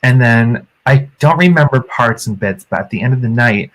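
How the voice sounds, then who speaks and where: A man's voice: mid-range voice, expressive, normal speed. A man co-hosting a podcast, telling a story animatedly and acting out the quotes in a raised voice. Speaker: podcast co-host. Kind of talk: casual storytelling chat.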